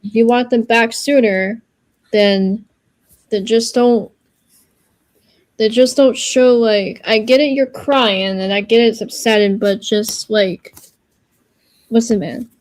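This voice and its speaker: A woman's voice: fairly high pitch, steady tone, takes it slowly, long pauses, a little mellow, dry recording. A woman on a casual livestream giving an earnest, reassuring pep talk, rambling and searching for her words as she goes.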